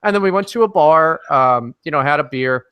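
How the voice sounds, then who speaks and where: A man with a fairly high voice tells a story as a guest on a casual podcast. He is brash and foul-mouthed and tells it with lots of energy. The sound is dry, with almost no room in it. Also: fairly quick, clean tone, no echo. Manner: brash, profane, animated anecdotes.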